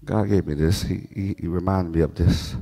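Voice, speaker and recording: A middle-aged man preaching a sermon, swinging from soft asides to shouted, half-sung phrases. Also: low-pitched, fairly even intonation, normal speed, creaky. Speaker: pastor.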